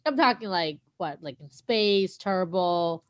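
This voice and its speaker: A woman's voice: lowish voice, expressive, slow. A woman co-hosting a podcast, chatting in an enthusiastic, talkative way. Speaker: podcast co-host. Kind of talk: casual chat.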